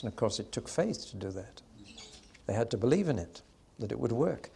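Older man, bible teacher, sermon style, emphatic storytelling, slows for weight. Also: mid-range voice, big pitch swings, gravelly, warm tone, a little hiss or hum.

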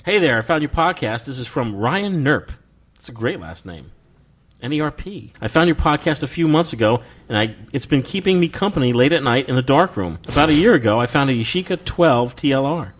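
A man hosting a casual podcast chat, reading listener letters aloud in a relaxed, joking way. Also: mid-range voice, brisk. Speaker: podcast host.

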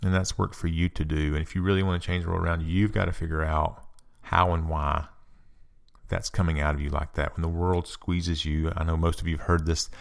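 Middle-aged male speaker, flat low delivery, earnest personal talk. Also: fast, vocal fry. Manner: earnest, confessional, repeats phrases. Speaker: speaker giving a spiritual self-help talk.

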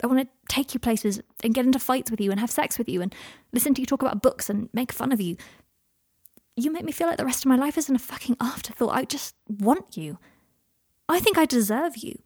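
A woman voicing a tender, earnest young man in love, pleading softly. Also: fairly high pitch, fast, breathy edge, no room sound, clean studio sound, voice pushed up.

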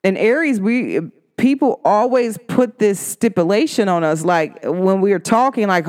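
Outspoken woman with a smooth voice. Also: mid-range voice, moderate pace. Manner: emphatic, animated, acts out quoted voices; blunt and outspoken. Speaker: vlogger. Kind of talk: casual talk to camera.

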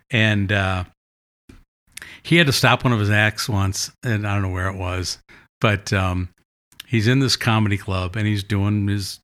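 Bright-voiced man telling funny stories. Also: on the low side. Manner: animated anecdotes, acting out quotes. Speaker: guest. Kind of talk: casual storytelling.

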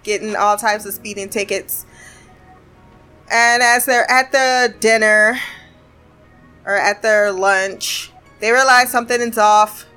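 A woman casually recapping a TV episode, chatty and laughing, quoting characters in quick bits. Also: on the high side, pushed and bright. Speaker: show recapper.

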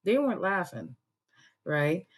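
A woman's voice: fairly low pitch, big pitch swings, a little slow, slightly rough. Blunt, profane woman telling it straight. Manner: blunt, profane, storytelling with rhetorical questions. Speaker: podcast panelist. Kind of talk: heated political commentary.

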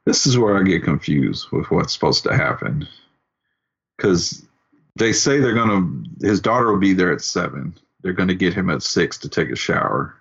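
A man with a deep, husky voice joins a casual podcast talk about a film, adding brief remarks and questions. The sound is a little dull and lo-fi. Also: lively intonation, moderate pace, fairly bright tone. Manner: chiming in with questions and short opinions. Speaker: podcast co-host. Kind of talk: casual movie discussion.

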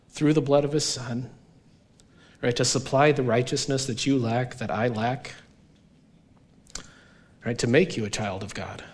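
Male pastor, mid-pitched, earnest emphatic sermon delivery. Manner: earnest, emphatic, keeps asking "right?".

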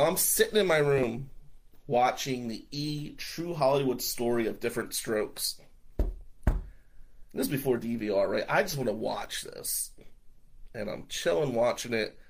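A man's voice: mid-range voice, sing-song, unhurried, long pauses. A man telling a personal story in a casual, profane, conversational way, often checking in with "right?".

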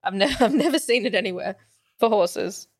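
A woman's voice: mid-range voice, expressive, moderate pace, no room sound. Casual podcast co-host: woman, frank, giggly, dry close mic. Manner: candid, laughs often, rambling asides. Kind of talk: casual chat.

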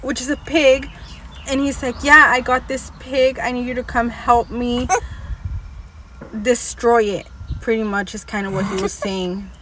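Animated high-voiced woman, casual storytelling. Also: unhurried, slight background noise. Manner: code-switching between English and Spanish, swearing freely; animated, laughing as she tells it. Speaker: podcast co-host.

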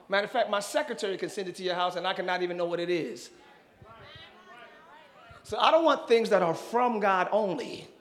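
A middle-aged man preaching a sermon in church as pastor. He moves from calm teaching to shouted, fervent preaching and breaks in with whoops and jokes for the congregation. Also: sits high. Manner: interjects "woo" and jokes with the congregation.

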